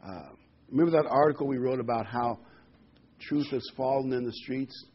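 A man preaching a sermon, animated and repeating key words for emphasis, heard on a dull lo-fi recording. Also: mid-range voice, moderate pace, husky.

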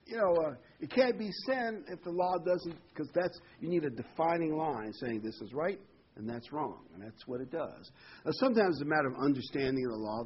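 A man's voice: mid-range voice, breathy edge, highs cut off. A man preaching a folksy, rambling sermon full of homely examples and corny jokes.

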